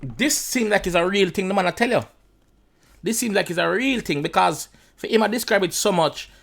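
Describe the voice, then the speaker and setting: His voice sits high, expressive and fairly quick with vocal fry and some brightness as this young Jamaican reaction host dissects a song one line at a time. He's chatty and repetitive, his accented speech slipping into patois.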